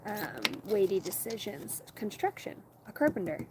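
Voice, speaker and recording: A woman's voice: medium pitch, very animated, normal speed. A woman giving a rambling live tarot reading outdoors on rural land, stopping to talk to her dogs. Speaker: tarot reader. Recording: loud outdoor background noise.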